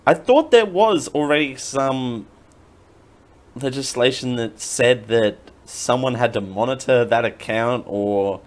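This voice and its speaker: A man's voice: mid-range voice, takes it slowly. A man hosting a podcast in casual chat, joking around and laughing often. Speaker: podcast host.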